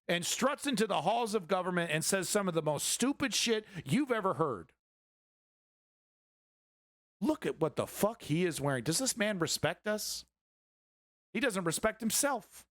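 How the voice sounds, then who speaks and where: A man's voice: high voice, fairly bright tone, no echo, clean studio sound. A man giving heated, profane commentary on news clips, ranting and sarcastic.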